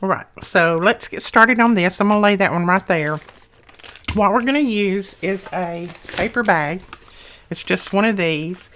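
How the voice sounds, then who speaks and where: A woman's voice: medium pitch, unhurried, fairly bright tone, a little hiss or hum. A woman hosting a casual craft tutorial, talking through each step in a chatty, homely way with small asides.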